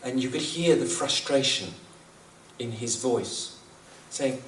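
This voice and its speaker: Guy from nz giving a heartfelt spiritual talk, mid pitch, far off the mic, roomy echo. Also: slow pace, fairly bright tone, a little hiss or hum. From New Zealand. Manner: earnest, repeats himself, chuckles at his own jokes. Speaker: speaker sharing spiritual teachings. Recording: echoey room, speaker far from the mic.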